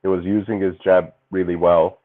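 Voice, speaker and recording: Low-voiced man on dull call audio. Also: flat delivery, moderate pace. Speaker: co-host. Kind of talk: casual live-stream chat.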